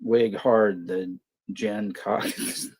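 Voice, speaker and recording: A man's voice: fairly low pitch, steady tone, very slow, a little mellow, slightly rough. A man hosting a movie watch party stream, chatting casually, rambling, swearing a lot and laughing often. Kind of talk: casual livestream chat.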